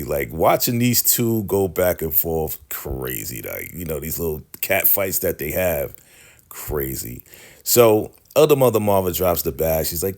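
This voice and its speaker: A man's voice: sits low, lively intonation, measured pace. A man casually recapping a TV episode, acting out the characters' lines and laughing often. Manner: retells scenes by acting out dialogue in shifting voices; laughs often, slangy chat. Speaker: recap host.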